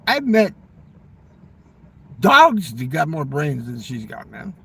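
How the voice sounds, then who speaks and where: A man with a smoker's rasp, rambling through a profane political rant. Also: on the high side, huge pitch swings, slow, sharp tone, distant mic. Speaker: vlogger.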